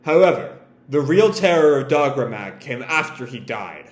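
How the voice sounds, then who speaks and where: A man's voice: medium pitch, very animated, moderate pace, close to an everyday voice. A man reading aloud the lines of a grave, ancient male dragon in a comic, in his own voice. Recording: echoey room.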